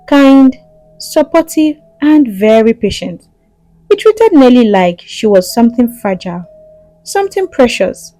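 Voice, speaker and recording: A woman's voice: a little high, mellow, no echo, low-quality recording. A woman narrating a scripted story in a dramatic way, with asides to the listener.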